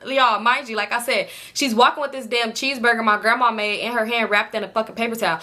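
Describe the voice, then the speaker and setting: Brief: slangy storytime woman, bright and somewhat high voice, loose and animated. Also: fast. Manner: animated, slangy, swears freely, addresses viewers as y'all. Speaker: storytime vlogger. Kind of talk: casual storytelling.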